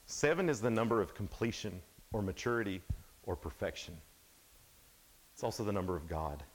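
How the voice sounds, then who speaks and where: A man giving a youth sermon, telling a Bible story in an animated, casual way, full of "like" and quick asides. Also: fairly low pitch. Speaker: youth speaker.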